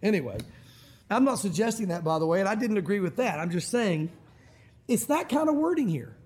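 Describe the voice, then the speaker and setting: A middle-aged man preaching a sermon as pastor, animated and acting out quoted voices. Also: high voice, a little fast, breathy edge.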